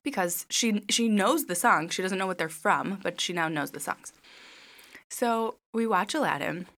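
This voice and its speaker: A woman co-hosting a casual chat, telling stories in a chatty, animated way while she eats. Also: mid-range voice, moderate pace. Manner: chatty, animated storytelling with laughs.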